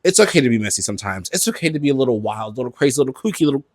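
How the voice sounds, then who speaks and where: A man hosts his podcast from home, running through pop-culture gossip with plenty of swearing and loose fillers. His voice sits at an ordinary pitch and is recorded close and dry, with almost no room sound. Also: rapid-fire, few pauses, no echo. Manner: animated, gossipy and profane, with frequent fillers. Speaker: podcast host. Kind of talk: casual pop-culture commentary.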